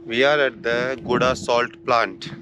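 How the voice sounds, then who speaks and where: A man speaks slowly and casually, pausing to search for English words as he explains where things are. Loud outdoor ambient noise sits right under his voice. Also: mid-range voice, steady tone. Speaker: local guide at the salt plant. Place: outdoors at a salt plant.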